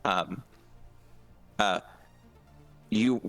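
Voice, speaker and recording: A man's voice: mid-range voice, normal speed, a bit bright, clear, resonant tone, dry recording, soft background music. A man running a tabletop game as game master, narrating the scene in a playful, dramatic way full of puns.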